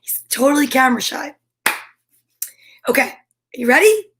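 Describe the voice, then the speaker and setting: Bubbly high-voiced woman, scratchy rasp. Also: a little slow, fairly bright tone. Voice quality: scratchy, raspy voice. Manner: bubbly, enthusiastic, chatty. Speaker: live-stream story time host. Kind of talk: casual live-stream chat.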